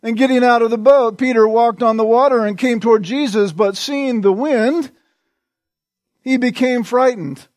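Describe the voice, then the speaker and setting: A male pastor preaching a sermon in a slow, deliberate way, repeating short phrases for emphasis. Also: very high voice, no echo.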